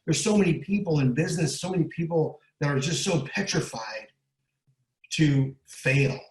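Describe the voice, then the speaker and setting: A man's voice: fairly high pitch, moderate pace. Emphatic middle-aged man in an echoey room. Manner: emphatic, repeats words and ends points with "right?". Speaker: guest speaker and recovery coach. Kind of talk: motivational interview talk.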